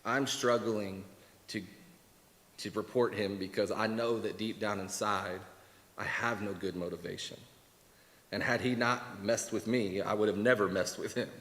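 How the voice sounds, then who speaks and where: A man leading a church Bible class in a candid, animated way, acting out quoted voices. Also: fairly low pitch, measured pace. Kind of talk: conversational church teaching. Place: church hall. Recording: echoey church hall, live stream.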